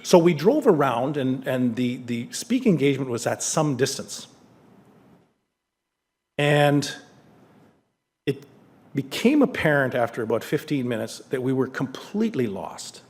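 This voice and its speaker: A man's voice: mid-range voice, very animated, unhurried, pauses often, darkish tone. A middle-aged man from Canada giving a public lecture in a conversational, candid way, weaving in personal stories. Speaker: lecture speaker.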